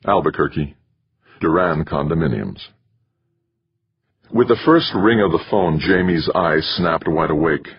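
Very deep, husky male narrator. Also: animated, a little slow, long pauses. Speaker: audiobook narrator. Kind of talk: scripted narration. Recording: dull lo-fi recording.

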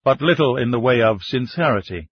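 A man voicing a dignified male minister in his fifties, speaking in a measured, formal way in an audiobook. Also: mid-range voice, expressive, breathy edge, no echo. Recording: dull lo-fi dry recording.

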